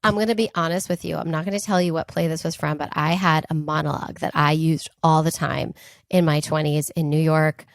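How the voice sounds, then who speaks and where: A woman's voice: low-pitched, fairly even intonation, fairly quick, no room sound, clean studio sound. A woman co-hosting a podcast in casual chat, reacting often with laughs and telling candid, self-mocking stories. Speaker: podcast co-host.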